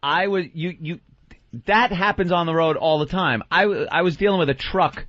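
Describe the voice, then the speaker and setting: Radio cohost guy, kinda high voice, jokey and swearing, muffled broadcast. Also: normal speed. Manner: joking, profane. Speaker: radio co-host. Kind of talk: casual radio banter.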